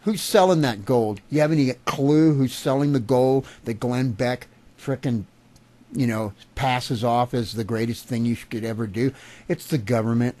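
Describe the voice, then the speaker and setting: A man's voice: medium pitch, normal speed, warm tone. A man delivering an angry, profane political rant to camera, agitated and furious. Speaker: vlogger.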